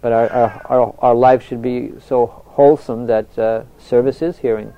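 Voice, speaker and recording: An older man with a calm, soft voice talks reflectively as a spiritual teacher, often breaking off and starting his sentences again. His pitch sits in a middle range, and the recording sounds muffled and lo-fi. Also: normal speed. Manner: soft-spoken, frequent restarts. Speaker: spiritual teacher answering questions. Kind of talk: reflective talk with anecdotes. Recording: dull lo-fi recording.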